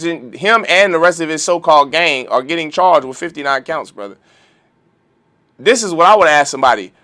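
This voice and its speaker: Bright-voiced man preaching emphatically. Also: a little high. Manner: emphatic, rhetorical questions, repeats himself. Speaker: religious class teacher. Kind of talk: lecture-style sermon.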